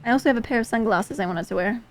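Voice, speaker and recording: A woman streamer chatting casually while she plays a game, excitable and quick to swear. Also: on the high side, a little hiss or hum. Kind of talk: casual gameplay livestream chat.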